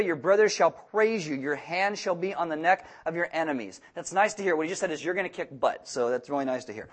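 A man preaching a sermon in a church, blunt and direct, with joking asides and sudden bursts of emphasis. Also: fairly high pitch. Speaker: pastor.

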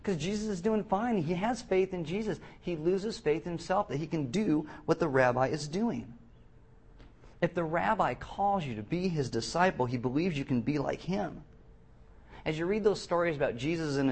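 A man preaching a sermon, animated, reading scripture aloud with emphasis and acting out the quotes. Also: fairly high pitch, husky.

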